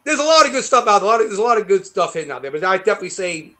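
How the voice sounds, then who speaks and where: New man, high bright voice, loose profane raconteur. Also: very animated, very fast. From New York. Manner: swearing, rambling storyteller who laughs often. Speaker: guest guitarist. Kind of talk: casual interview chat.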